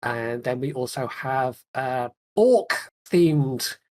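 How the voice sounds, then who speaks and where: A man hosting a gaming podcast in casual chat, chatty and quick to laugh, often trailing off mid-sentence. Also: medium pitch, lively intonation. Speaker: podcast host.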